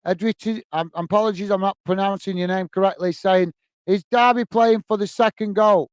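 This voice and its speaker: Brisk and smooth, this high male voice keeps a fairly even intonation, recorded with no echo. As host of a football live stream, he chats casually and reads out viewer comments, using "mate" often and plenty of fillers and restarts.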